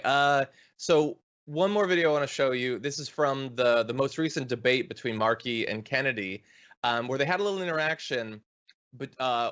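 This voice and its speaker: A man hosting a political commentary show, animated and quick with asides. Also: medium pitch, lo-fi sound. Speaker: host.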